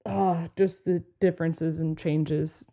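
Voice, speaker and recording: A woman co-hosting a podcast, telling a teaching story in animated casual chat and laughing often. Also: low voice, slow. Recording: dull lo-fi podcast audio.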